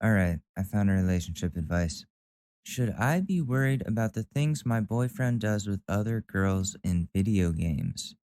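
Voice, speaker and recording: A man's voice: on the low side, animated, moderate pace, a little mellow, dry recording. A man hosting a casual commentary show, reacting with wry disbelief. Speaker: host.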